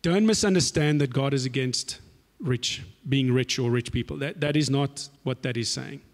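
Slangy preacher in a hall. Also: male voice, medium pitch, normal speed. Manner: animated storytelling, slangy and conversational. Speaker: pastor. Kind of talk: sermon. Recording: echoey hall reverb.

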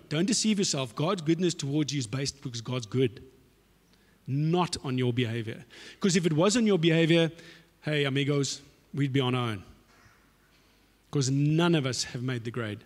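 A man preaches in a casual, slangy way and turns his points into animated stories. His voice sits a touch high for a man. A long reverb from a large hall follows every phrase. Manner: animated storytelling, slangy and conversational. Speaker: pastor. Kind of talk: sermon.

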